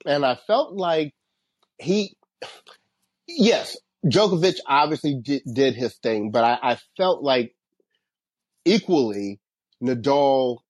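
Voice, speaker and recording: A man's voice: medium pitch, animated, slow pace, long pauses, darkish tone, breathy edge, no echo. A man co-hosting a podcast in casual sports chat, emphatic and opinionated, stammering on restarts. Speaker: podcast co-host.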